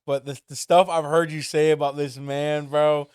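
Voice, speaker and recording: Smooth-voiced, slangy podcast host man. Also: fairly high pitch, moderate pace, dry recording, studio quality. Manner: relaxed, slangy, reacts with laughs and short comments. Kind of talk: casual chat.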